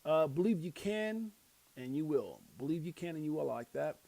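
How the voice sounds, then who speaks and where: A man's voice: fairly high pitch, lively intonation, normal speed, creaky, dark tone, no echo. A man hosting a casual live stream, rambling and self-deprecating, using slang as he reads quotes and headlines. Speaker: livestream host.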